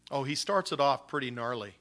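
A man who is a pastor, preaching an animated sermon in casual, slangy language. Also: medium pitch, brisk.

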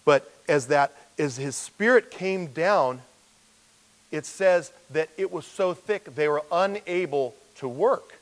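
A man's voice: a little high, slow pace, rough recording. A man as pastor, teaching a verse-by-verse sermon in a conversational way and acting out the voices he quotes.

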